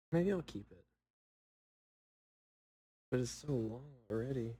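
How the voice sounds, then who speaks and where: Mellow-voiced man rambling to himself. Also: mid-range voice, breathy edge, low-quality recording. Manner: rambling, self-mocking, long pauses. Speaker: podcaster. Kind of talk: casual solo chat.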